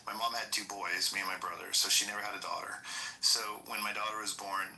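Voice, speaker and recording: A middle-aged man tells stories on a podcast, and he talks fast, low-pitched and bright. He is blunt and swears freely. He slips into his mother's lines as he recounts them. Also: steady tone, gravelly, a little hiss or hum, poor audio. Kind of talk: casual podcast chat.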